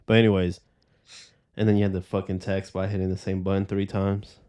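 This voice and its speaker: Laid-back young man, low voice. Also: level tone, fairly quick, warm tone, clean tone. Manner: loose storytelling with heavy cursing. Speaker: podcast host. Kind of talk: casual chat.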